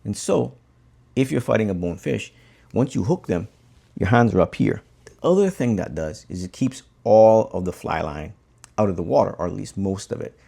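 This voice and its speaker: A man from the Cayman Islands, a bonefish guide, telling a fishing story in a relaxed, conversational way while tying a fly. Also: lowish voice, normal speed, vocal fry, slightly rough.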